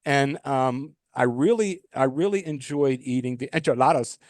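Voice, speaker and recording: A man imitating a cheery male TV reporter with a bright, overly upbeat delivery. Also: mid-range voice, expressive, a little slow, no room sound, clean studio sound, natural voice.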